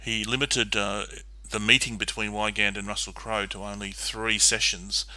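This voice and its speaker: Lowish bright-sounding guy going through a movie plot scene by scene, dry close mic. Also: normal speed, no echo. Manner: steady, methodical recapping with filler ums. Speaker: podcast co-host. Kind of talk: casual film discussion and plot recap.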